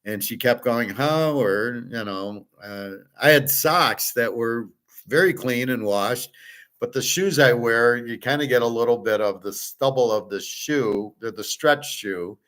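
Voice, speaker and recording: A man's voice: mid-range voice, a little slow, fairly bright tone. A middle-aged man hosting a casual monologue, rambling and blunt, swearing freely. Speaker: host.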